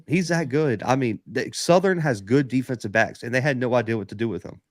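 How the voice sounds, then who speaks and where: A man's voice: medium pitch, animated, a little fast, dry recording, studio quality. A man co-hosting a sports podcast, making emphatic points about players and play-calling in repeated phrases. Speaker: podcast co-host. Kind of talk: casual sports analysis.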